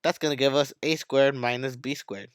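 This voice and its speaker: A man's voice: medium pitch, steady tone, moderate pace, clear, resonant tone, no echo. A man teaching math in a video lesson, hyped and playful, talking straight to his students.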